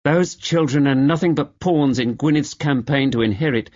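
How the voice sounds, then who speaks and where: A man voicing a tactless, protective middle-aged wife who speaks in a shrill, accusing way. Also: normal speed, darkish tone, highs cut off, lightly acted. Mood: gossiping.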